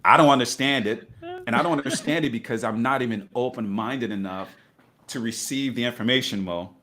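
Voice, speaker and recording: A man's voice: mid-range voice, brisk, fairly bright tone, a little hiss or hum. A middle-aged man telling his investing story in a casual interview, acting out voices with laughter. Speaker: guest investor.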